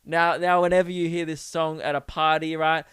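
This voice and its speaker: A man's voice: a little high, little pitch movement, moderate pace, a bit bright, smooth, no room sound, clean studio sound. A young man hosting a podcast, rambling through a sweary comedic monologue and laughing at his own jokes.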